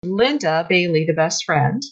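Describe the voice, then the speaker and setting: A woman author telling stories from her research in an animated conversational way, with sudden bursts of laughter. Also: lowish voice, measured pace, slightly rough, highs cut off. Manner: animated, breaks into shrieks and laughter when retelling. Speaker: author guest. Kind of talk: conversational storytelling.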